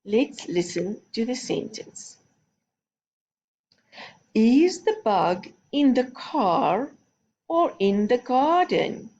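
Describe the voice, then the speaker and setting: A woman's voice: on the high side, sing-song, drawn-out words, long pauses, a little mellow, muffled recording. A woman teaching a recorded phonics lesson to young children, giving patient, step-by-step instructions. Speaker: primary school teacher.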